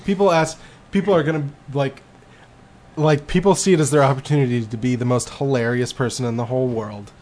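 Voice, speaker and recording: A man's voice: mid-range voice, steady tone, a little fast, darkish tone. A man chatting casually on a podcast, offhand and given to crude, profane jokes. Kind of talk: casual chat.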